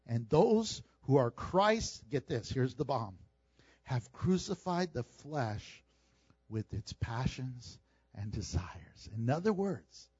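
A male pastor giving a conversational, emphatic sermon with quick asides to the congregation. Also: a little high, a little mellow, husky, no echo, highs cut off.

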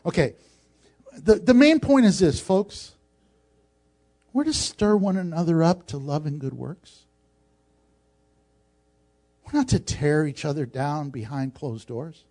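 A man's voice: a little high, lively intonation, slow, long pauses, warm tone. A male pastor preaching a sermon in a conversational way, with joking asides.

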